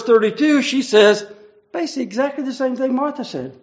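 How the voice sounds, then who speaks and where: A man's voice: very high-pitched, brisk. A man preaching an earnest, conversational verse-by-verse Bible teaching, explaining each passage. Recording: dull lo-fi recording.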